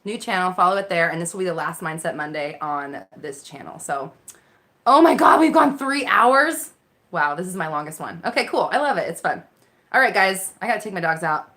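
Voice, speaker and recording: A woman's voice: fairly low pitch, expressive, fairly quick, pushed and bright. A woman hosting a live Q&A as a mindset coach, chatting casually into her phone, reacting to viewer comments with frequent laughter and casual swearing. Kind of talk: casual live-stream chat.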